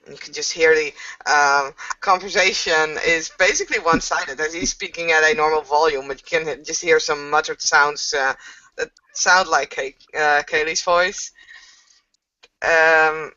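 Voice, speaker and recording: Brief: woman narrating a tabletop game, slow and halting, dry and far from the mic. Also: deep voice, steady tone, sharp tone, dry recording, muffled recording. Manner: slow, hesitant with many fillers. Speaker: game master.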